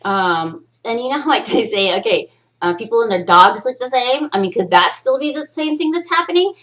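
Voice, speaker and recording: A woman hosting a podcast in casual chat, talking in an animated, rambling, joking way. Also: fairly high pitch, normal speed. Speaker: podcast host.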